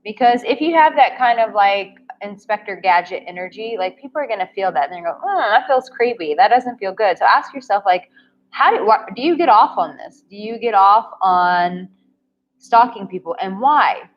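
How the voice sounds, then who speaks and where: A woman's voice: mid-range voice, expressive, normal speed, highs cut off. A woman dating coach answering viewer questions on a live stream, upbeat and encouraging as she talks straight to her viewers. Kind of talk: live-stream Q&A reading chat comments.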